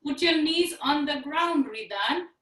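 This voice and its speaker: Bright, slow-spoken woman teaching kids' yoga. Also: sits high, lively intonation, far from the mic. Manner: patient, encouraging, slow and clear. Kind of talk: online class instruction for children. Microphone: video call. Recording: echoey room on a video call.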